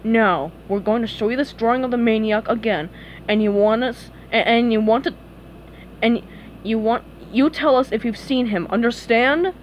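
A woman reading aloud and voicing a smug, sly police officer who talks in a condescending, drawn-out way. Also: fairly high pitch, slight background noise, lightly acted.

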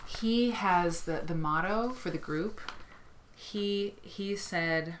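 Excitable rambling woman streamer. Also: fairly low pitch, slow pace, slight background noise. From Iowa. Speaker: livestream host. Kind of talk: casual livestream chat.

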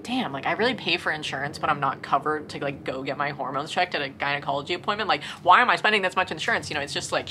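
A woman's voice: deep voice, background noise. A young woman in her twenties telling a casual storytime, chatty, with lots of "like" and "you know". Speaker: vlogger.

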